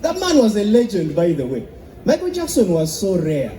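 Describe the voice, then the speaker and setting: Ugandan man, stand-up comedian, high lively voice, dark tone, echoey stage hall. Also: moderate pace, some chatter behind, a little hiss or hum. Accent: Ugandan English. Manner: animated storytelling with sung bits.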